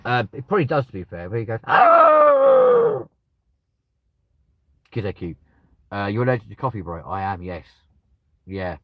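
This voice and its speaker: Crude joking man, lowish voice. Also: animated, fast talker, no room sound. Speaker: livestreamer reading out chat. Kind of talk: casual chat. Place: at home with dogs nearby.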